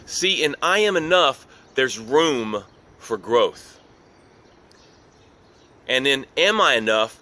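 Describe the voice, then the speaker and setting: A middle-aged man gives a motivational business talk, earnest and emphatic, and circles back to the same phrases again and again. His voice is bright and forceful, pitched in the ordinary middle range for a man. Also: expressive, takes it slowly, long pauses. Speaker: business coach.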